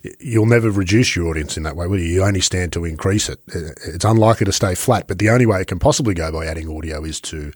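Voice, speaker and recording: A man's voice: low voice, quick pace, hardly any pauses, a little mellow, no room sound, clean studio sound. A man hosting an interview, chatty and asking long, winding questions. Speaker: host. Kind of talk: podcast interview.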